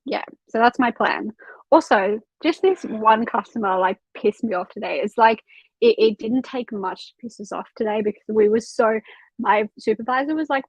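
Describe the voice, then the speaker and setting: A woman's voice: fairly high pitch, normal speed, breathy edge, no room sound, low-quality recording. A young woman hosting a casual reading livestream from home, chatting loosely, swearing freely and reading out chat comments. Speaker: livestream host of a reading sprint.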